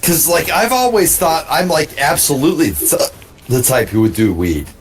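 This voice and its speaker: A man's voice: fairly high pitch, sing-song, normal speed. A tipsy man with hiccups, chatting casually as a co-commentator on a game stream, rambling and restarting his sentences. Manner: rambling, self-interrupting storyteller. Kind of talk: casual banter over gameplay.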